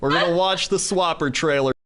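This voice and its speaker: A man's voice: fairly high pitch, brisk, fairly bright tone. A man co-hosting a podcast in easygoing casual chat, laughing often. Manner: laughing, easygoing, mimics voices. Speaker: podcast co-host.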